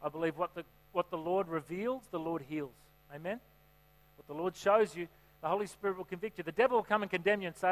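A quick-paced man with a high voice delivers a sermon in a church hall, joking casually and frequently asking the congregation questions. The hall echoes, and mains hum runs through the recording.

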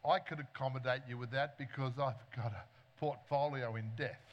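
A man voicing a sly, sinister male devil who offers death like a salesman, in a lowered voice. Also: fairly even intonation, normal speed, long reverb tail, muffled recording, lightly acted. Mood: menacing.

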